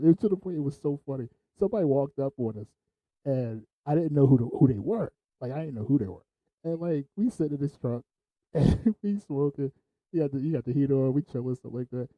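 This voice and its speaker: A man's voice: a little high, dry recording, phone-quality sound. A man hosting a podcast, telling laid-back stories, laughing often and swearing freely. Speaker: podcast host. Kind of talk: casual storytelling.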